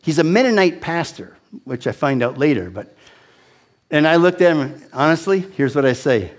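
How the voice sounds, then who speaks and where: A man in his sixties telling a personal testimony as an animated, self-deprecating storyteller with frequent restarts. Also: on the high side, normal speed. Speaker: speaker giving a testimony.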